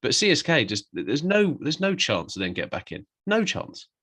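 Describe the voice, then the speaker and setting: A man's voice: on the high side, huge pitch swings, moderate pace, fairly bright tone. A man co-hosting a podcast, giving blunt opinions in casual chat, often restarting his words and laughing easily. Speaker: podcast co-host.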